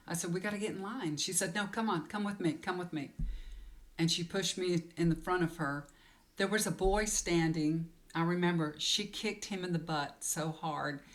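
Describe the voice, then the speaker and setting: A woman tarot reader telling a personal story to camera in a confiding, emotional way, rambling with many fillers, close to tears. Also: low voice. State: tearful.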